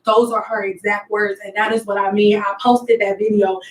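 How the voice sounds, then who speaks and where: A woman's voice: mid-range voice, level tone, normal speed, echoey room, distant mic, rough recording. A woman hairstylist talking bluntly and candidly to her viewers from her salon. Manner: outspoken, blunt storytelling. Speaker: hairstylist vlogger. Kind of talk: candid vlog chat. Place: hair salon room.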